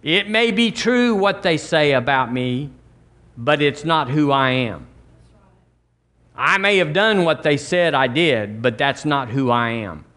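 A middle-aged man preaching a sermon as pastor, folksy and conversational with quick asides. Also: a little high, animated, pushed and bright.

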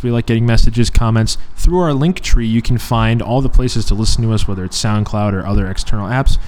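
A man's voice: mid-range voice, darkish tone. A man hosting a casual podcast, rambling earnestly with lots of fillers, thanking listeners. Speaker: podcast host. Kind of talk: casual podcast chat and sign-off. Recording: faint background noise.

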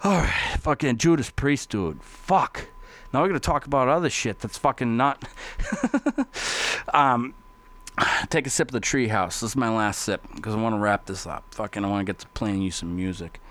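A man talking casually as a podcast host, rambling and swearing constantly, getting excitable. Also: mid-range voice, normal speed. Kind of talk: casual profane monologue.

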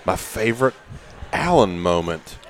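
A man's voice: deep voice, big pitch swings, a little slow, faint music behind. A man, co-hosting a casual radio podcast, talking in a jokey, rambling way that circles back on itself. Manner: jokey, rambling, repeats himself. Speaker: podcast co-host.

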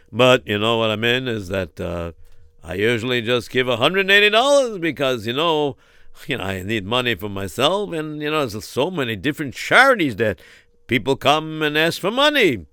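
A man telling a story and acting out the dialogue in an animated, hesitant way with many fillers. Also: mid-range voice, moderate pace, clean tone, no echo, studio quality.

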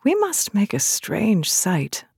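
Battle-weary woman general, husky, lively pitch, low-ish, dry studio sound, audiobook drama. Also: slow, no room sound, full character voice. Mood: earnest.

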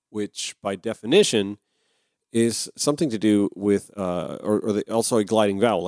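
A man's voice: lowish voice, darkish tone, no room sound, clean studio sound. A man from Georgia hosting a podcast, reading an article aloud and breaking off into conversational, self-deprecating asides. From Georgia, USA. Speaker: podcast host.

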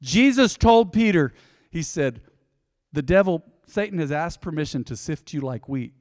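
A man's voice: on the high side, expressive, moderate pace, darkish tone, no room sound, studio quality, long reverb tail. A man preaching a sermon as a pastor, folksy and conversational, often acting out little back-and-forth dialogues.

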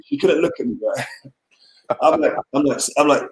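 A man's voice: fairly high pitch, normal speed. A man casually telling a long personal story as a podcast guest, rambling, with lots of fillers and restarts. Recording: roomy echo.

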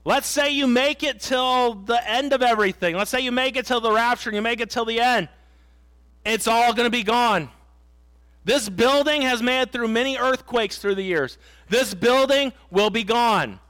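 Middle-aged male pastor, very high voice, dry close sound, earnest emphatic sermon delivery. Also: normal speed, a bit bright, clean tone, no echo. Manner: earnest, emphatic preaching with stories and repeated refrains. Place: church sanctuary.

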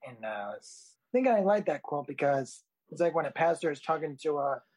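A woman guest on a casual podcast gives short, friendly answers. Her voice is very low and husky. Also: very animated, normal speed, darkish tone. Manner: brief, friendly replies.

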